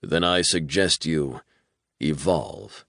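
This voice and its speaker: A male audiobook narrator voicing a cold, aloof male alien who speaks slowly and curtly. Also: rumbling low, animated, creaky, a bit bright, dry recording, clean studio sound, heavily acted. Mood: dismissive.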